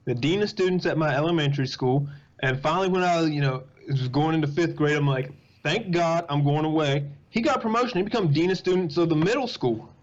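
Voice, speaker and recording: A young man with a drawl chats as a podcast guest, his voice sitting a little high. He tells stories in animated, quick bursts. The sound is dull and lo-fi. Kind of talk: casual chat.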